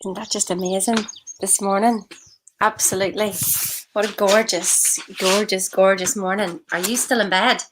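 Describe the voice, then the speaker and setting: A woman's voice: medium pitch, steady tone, normal speed, background noise. Effusive woman vlogging outdoors. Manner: effusive, enthusiastic, storytelling. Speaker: life coach. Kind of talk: motivational vlog. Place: outdoors in the morning.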